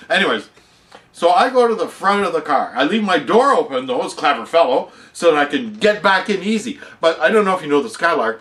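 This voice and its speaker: A man vlogging, telling a rambling personal anecdote in a casual, self-mocking way and often chuckling at himself. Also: a little high. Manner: animated, rambling storyteller who laughs at himself.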